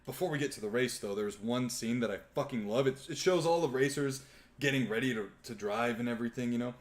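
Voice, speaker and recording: A man's voice: medium pitch, quick pace. Swearing young man on a podcast. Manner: swears often, animated movie retelling. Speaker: podcast host. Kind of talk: casual chat on a live stream.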